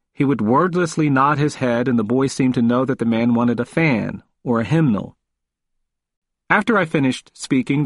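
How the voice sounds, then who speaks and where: A man's voice: mid-range voice, dry recording. Man narrating a memoir audiobook, dry.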